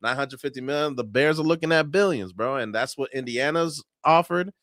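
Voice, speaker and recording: A man's voice: mid-range voice, a little fast, a bit bright, no room sound, clean studio sound. A man hosting a sports channel, giving casual, laughing, slang-filled reactions to a news clip.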